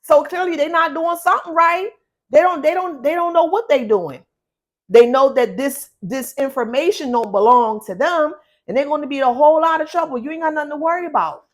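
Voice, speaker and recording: A woman's voice: sits high, a little fast. A woman giving a spoken tarot reading to her viewers, blunt and emphatic, repeating words and swearing for stress. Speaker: tarot reader.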